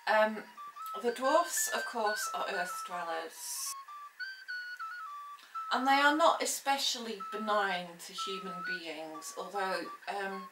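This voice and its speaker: A woman giving an informal spoken lesson, explaining things at an unhurried pace with frequent hesitant ums. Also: mid-range voice. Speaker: witchcraft teacher. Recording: roomy echo, faint ambience.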